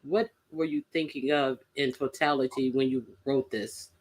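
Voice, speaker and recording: A man's voice: mid-range voice, fairly even intonation, normal speed. A man in a casual group chat, explaining his point with lots of fillers.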